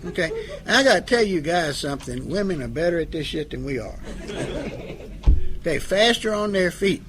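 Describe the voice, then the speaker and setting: Folksy high-voiced man telling stories. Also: sing-song, moderate pace, a bit bright, slight background noise. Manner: folksy, humorous, acts out both sides of arguments. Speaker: speaker on addiction recovery. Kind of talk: storytelling talk to an audience.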